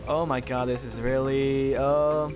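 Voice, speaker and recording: A man hosting let's play commentary, excitable, cursing freely and yelping when startled. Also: medium pitch, unhurried, music in the background. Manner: excitable, swears a lot, yelps when startled. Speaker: gaming channel host.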